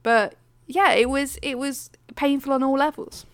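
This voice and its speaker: A woman's voice: high-pitched, fairly even intonation, moderate pace, fairly bright tone. A woman co-hosting a podcast, telling a story in a chatty, self-mocking way with lots of laughter. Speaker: podcast co-host. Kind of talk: casual chat.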